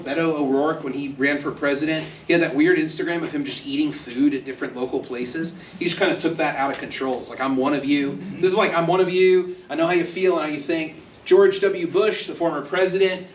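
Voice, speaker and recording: A man teaching a university class in a loose, joking way, slipping into little quoted voices. His voice sits a bit high for a man, and it sounds echoey, picked up from across the room. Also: slight background noise. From Texas. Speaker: university lecturer. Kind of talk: classroom lecture. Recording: echoey classroom, speaker far from mic.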